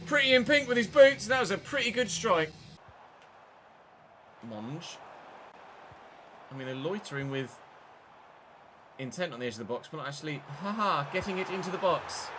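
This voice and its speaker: Bright, chatty man gaming on camera. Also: a little high. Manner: chatty, jokey, excitable over goals. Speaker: gaming YouTuber. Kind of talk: casual let's-play commentary.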